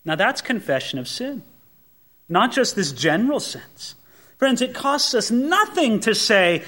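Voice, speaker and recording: A male pastor delivering a sermon, animated and emphatic, asking the congregation rhetorical questions and swinging between emphatic rises and hushed drops. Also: fairly high pitch, unhurried. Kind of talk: expository sermon.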